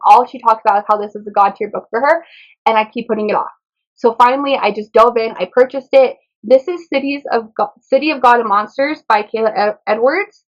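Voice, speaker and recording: Chatty bubbly woman, slightly muffled. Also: on the high side. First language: Spanish. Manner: bubbly, chatty, says "y'all" and "like" a lot. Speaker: booktube host. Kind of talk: casual book haul chat.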